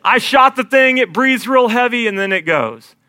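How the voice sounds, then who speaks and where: Young guy telling a funny story, high bright voice, keeps cracking himself up. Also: moderate pace, no echo, clean studio sound. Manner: animated, self-deprecating, laughs through his lines. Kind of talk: comic storytelling.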